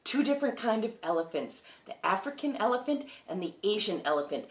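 A woman's voice: medium pitch, big pitch swings, fairly quick. Woman singing to children, echoey room. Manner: encouraging, addresses children as friends. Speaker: children's music host. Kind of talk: singing and teaching young children. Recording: echoey room with loud guitar.

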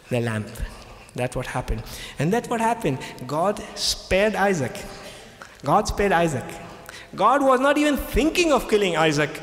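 A male pastor with an Indian English accent preaching a sermon, retelling scripture and checking in with the audience, with emphatic rises in pitch. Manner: retelling scripture with frequent "okay?" check-ins; hesitant fillers and restarts, emphatic swings in pitch. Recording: echoey hall with long reverb.

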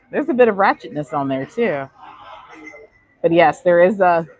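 On a cruise ship's indoor decks, a woman vlogger chats her way through a live walking tour, fielding viewer questions while a bit out of breath. Her lowish voice carries a darkish tone, with no echo in this rough recording.

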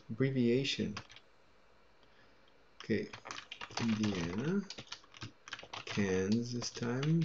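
A man's voice: on the low side, lively intonation, extremely slow, pauses often, slight background noise. A man muttering letters and names to himself while he indexes records, with self-deprecating asides. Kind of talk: muttered screen-recording commentary. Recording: muffled audio with loud typing.

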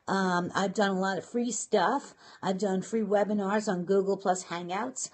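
A woman's voice: medium pitch, fairly even intonation, a little slow, husky. A chatty middle-aged woman from New York talks live to her viewers from her home office. She greets people by name and laughs easily, in a middle-range voice and a loose, rambling way of talking. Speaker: livestream host. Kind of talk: casual live-stream chat.

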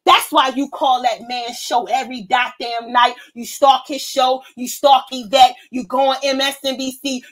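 A woman hosting a vlog, delivering a heated, profane, confrontational rant. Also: high-pitched. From United States. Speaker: vlog host. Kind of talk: ranting commentary monologue.

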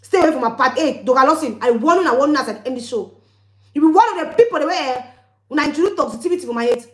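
A woman's voice: sits high, animated, fast talker, echoey room. A woman with a West African Pidgin English accent, ranting at her viewers in a heated, scolding vlog. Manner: scolding, heated, with repeated warnings. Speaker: vlogger. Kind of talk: angry ranting monologue to viewers.

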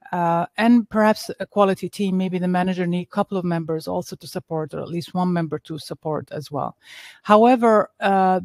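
A woman's voice: medium pitch, a little mellow, dry recording. Woman explaining lab accreditation on a dry mic. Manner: measured, explanatory, frequent "uh" fillers. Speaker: laboratory quality expert on a panel. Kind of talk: webinar panel answer.

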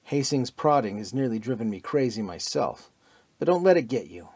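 A man voicing a young American bomber pilot in an audiobook, raising his voice with urgent, excited calls. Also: mid-range voice, moderate pace. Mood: pleading. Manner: raised, urgent shouting. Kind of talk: audiobook character voice.

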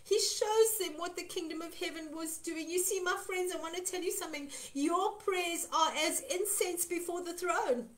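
A woman's voice: very high voice, normal speed, few pauses. A woman minister giving an earnest devotional teaching, stressing her points by repeating phrases. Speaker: Christian minister.

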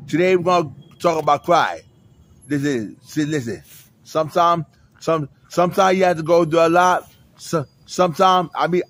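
High-voiced New man, halting, repeating himself. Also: no echo. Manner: halting, repeats phrases and restarts often. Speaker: public access show guest. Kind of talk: rambling personal talk. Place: library center.

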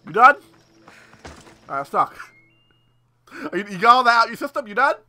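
Excitable, bright-voiced gaming guy. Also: extremely high pitch, normal speed, faint music behind. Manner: excitable, swears a lot, laughs often. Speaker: gaming YouTuber. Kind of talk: casual gameplay commentary.

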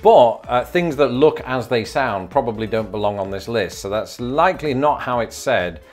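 A man's voice: mid-range voice, animated, normal speed. An Englishman hosts a casual video, talking in a mid-range voice. He is playful and keeps trying words over and over to sound them out. Faint background music plays under him. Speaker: YouTube host. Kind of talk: casual vlog commentary.

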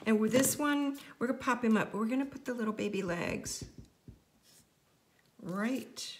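A woman's voice: a little high, expressive, normal speed, pauses often, a little hiss or hum. A middle-aged woman teaching a casual card-making tutorial, chatty and playful as she jokes with her viewers.

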